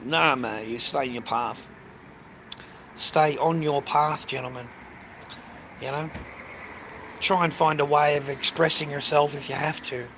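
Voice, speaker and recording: A man's voice: medium pitch, fairly even intonation, moderate pace, long pauses. Rambling Australian man by a busy road. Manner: rambling, swears, says "mate" constantly. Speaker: live streamer. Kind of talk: casual live-stream chat. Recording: noisy outdoor traffic.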